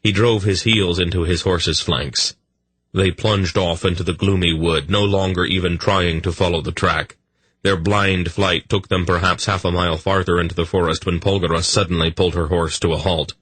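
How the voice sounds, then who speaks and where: A man narrating a fantasy audiobook in an even, measured storytelling manner. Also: sits low, slightly rough, no echo.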